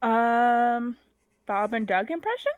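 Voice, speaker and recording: High-voiced, teasing woman co-reader. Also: animated, takes it slowly, dry recording, dull audio. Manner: teasing, playful. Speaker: co-reader on a stream. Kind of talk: casual chat and reading aloud.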